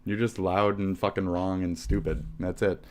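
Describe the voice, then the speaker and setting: A man's voice: low-pitched, fairly even intonation, moderate pace. A man streaming live, delivering a profane, rambling, combative rant at his viewers. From United States.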